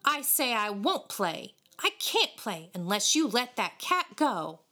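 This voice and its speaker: A woman's voice: on the high side, sing-song, slow pace, voice pushed up, full character voice. A woman reading a storybook voices a naive, joyful young boy violinist who speaks up firmly for what is right. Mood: indignant. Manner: joyous and naive, turning sharp and defiant.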